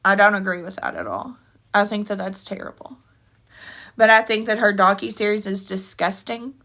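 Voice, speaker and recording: A woman's voice: medium pitch, expressive, moderate pace, pushed and bright. A woman vlogging an emotional opinion rant, blunt and rambling with slangy asides, tearful and sniffly from crying. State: tearful, with a runny nose. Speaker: commentary vlogger.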